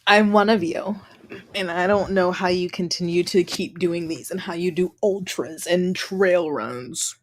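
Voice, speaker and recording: A woman's voice: lowish voice, unhurried. A young woman hosting a casual livestream chat, tired and yawning, greeting viewers and laughing often. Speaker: livestream host.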